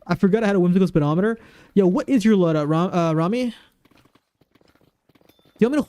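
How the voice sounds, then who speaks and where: Male streamer, pitched high with a warm tone, chatty and rambling as he answers his viewers. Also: fast talker, pauses often, no room sound. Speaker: game streamer. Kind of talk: casual live-stream chat. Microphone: desk microphone.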